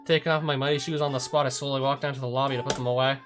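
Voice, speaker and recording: A man's voice: medium pitch, flat delivery, racing. A man narrating a visual novel, reading the hero's tense inner monologue. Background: background music.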